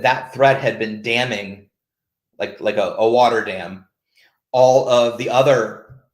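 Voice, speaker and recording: A man hosting a peer support call who talks openly and casually, searching for words and restarting his sentences. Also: medium pitch. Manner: open, searching, stops and restarts often. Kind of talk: candid casual talk. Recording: roomy echo.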